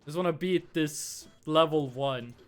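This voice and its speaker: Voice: mid-range voice, unhurried, soft background music. A young adult streamer, casually chatting while gaming and telling rambling, profane stories. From Norway. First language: Norwegian.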